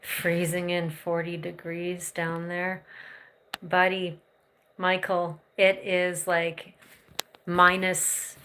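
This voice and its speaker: A woman's voice: on the low side, a bit bright, a little hiss or hum. A woman chatting casually on a live stream from a phone, rambling loosely with lots of "like" and "you know". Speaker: livestream host. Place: outdoors in snowy cold with a pet goose.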